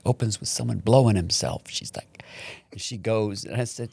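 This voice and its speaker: A man's voice: fairly low pitch, normal speed, a little mellow, dry recording. A man in his sixties, a podcast guest, telling stories in a wry way and slipping into voices. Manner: wry storyteller who does voices. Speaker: guest, performer and filmmaker. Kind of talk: casual interview chat.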